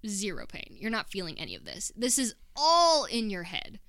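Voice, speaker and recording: Young adult woman, animated storyteller who acts out quotes. Bright, smooth voice, dry close sound. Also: mid-range voice, moderate pace, no room sound. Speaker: interviewee. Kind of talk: casual storytelling.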